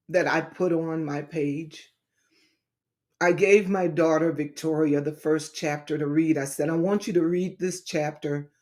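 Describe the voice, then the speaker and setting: A woman's voice: deep voice, a little mellow. A woman hosting a talk show, speaking to her audience in a heartfelt, preacherly way about healing and her book. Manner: slow, preacherly, addresses listeners as baby and saints. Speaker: talk show host and author.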